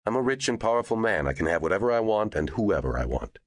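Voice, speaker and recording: A man's voice: on the low side, very animated, fast, no room sound, studio quality, voice pushed up. A man voicing an arrogant, irritable rich media mogul who speaks in a raised, demanding voice. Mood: boastful.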